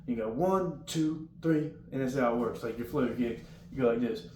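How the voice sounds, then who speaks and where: A young man giving casual, rambling advice about basic training and acting out the drill yelling now and then. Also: mid-range voice, normal speed. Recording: roomy with faint room noise.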